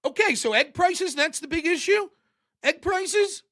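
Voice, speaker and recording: A man's voice: very high voice, expressive, unhurried, fairly bright tone. A man hosting a show, delivering a blunt, profane, sarcastic political commentary rant. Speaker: show host.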